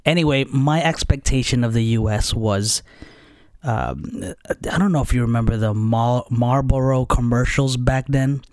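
A man's voice: medium pitch, measured pace, a little mellow, no echo, clean studio sound. A man from the Philippines, chatting casually and telling a childhood story with laughs. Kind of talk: casual conversation.

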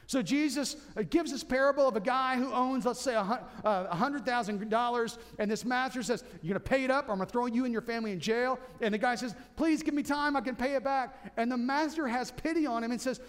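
A man preaching a sermon as pastor, emphatic, repeating key points and restarting phrases. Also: sits high.

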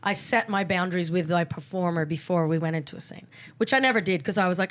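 A middle-aged woman appears as a podcast guest, talking candidly in a casual interview and acting out quoted exchanges. Her voice is lowish and a bit bright, and she speaks fast.

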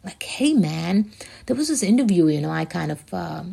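Woman, husky, casual rambling commentary, emphatic, swears, host. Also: on the low side, sing-song, moderate pace, warm tone. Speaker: show host.

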